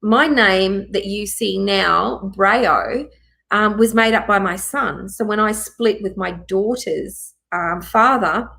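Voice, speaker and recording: A woman's voice: mid-range voice, slow pace, gravelly, sharp tone, poor audio. A middle-aged woman telling her own story as a guest, emphatic and repeating key phrases for force. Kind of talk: personal testimony in a live chat.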